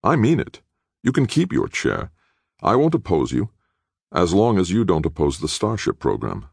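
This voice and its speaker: A man reading an audiobook, voicing an imperious older woman politician with a flat, cold, calculating manner. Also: sits low, moderate pace, gravelly, breathy edge, no echo, clean studio sound, voice pushed up, heavily acted. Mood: icy. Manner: icy and flat, coolly calculating. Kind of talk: audiobook character voice.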